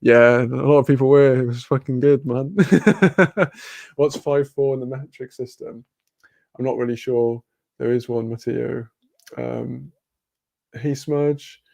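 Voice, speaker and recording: A man from Wales with a Welsh accent, hosting a livestream and chatting casually through viewer comments, relaxed, laughing and swearing freely. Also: medium pitch, vocal fry, no room sound. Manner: laid-back, swears freely, laughs often. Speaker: livestream host.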